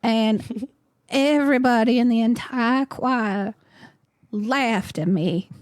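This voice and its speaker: Slow-drawling Southern woman player. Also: on the high side, no echo, studio quality. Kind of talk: in-character storytelling at a tabletop game.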